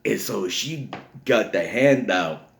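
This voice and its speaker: Middle-aged man, lowish voice, rambling casual storytelling, echoey room. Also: lively intonation, slow, creaky. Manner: rambling, leans heavily on "you know". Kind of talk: casual spoken anecdote. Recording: roomy echo.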